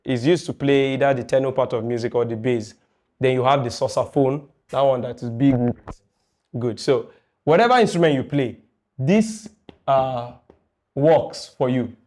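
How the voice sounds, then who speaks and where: A man's voice: mid-range voice, moderate pace, darkish tone. A man teaching a music class, chatty and jokey, often asking his students questions. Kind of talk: classroom lecture.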